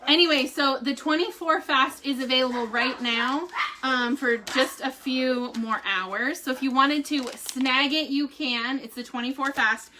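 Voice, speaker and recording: A woman's voice: high-pitched, unhurried, background noise. A woman vlogger chatting casually to viewers on a live stream from home, bubbly and filler-heavy.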